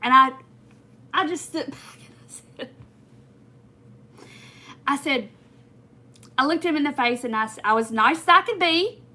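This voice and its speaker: A woman's voice: high voice, measured pace, long pauses, pushed and bright. A woman chatting on a crafting livestream, rambling through a story and talking straight to her viewers while she works. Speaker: crafting channel host.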